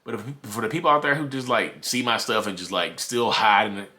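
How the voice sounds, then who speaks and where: A man's voice: on the low side, expressive, brisk, sharp tone. A man hosting a podcast, delivering a heated, repetitive rant straight at his listeners. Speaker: podcast host. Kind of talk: ranting monologue.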